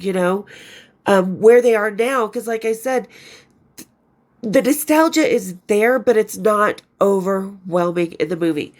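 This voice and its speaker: A woman hosting a podcast, chatting casually and enthusiastically about a film sequel, rambling and swearing now and then, a bit stuffy from allergies. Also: medium pitch. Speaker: podcast host. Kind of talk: casual film review chat.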